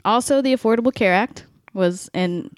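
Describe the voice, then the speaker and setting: A woman co-hosting a podcast, explaining history step by step in a casual, clear and playful way. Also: fairly high pitch, moderate pace, no echo. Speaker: podcast co-host.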